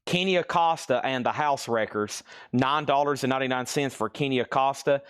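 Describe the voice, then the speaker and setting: A man hosting a live record sale, briskly rattling off titles and prices, and he is out of breath. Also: medium pitch, a bit bright, smooth, no echo, clean studio sound. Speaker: host selling vinyl records live. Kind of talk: live auction calling.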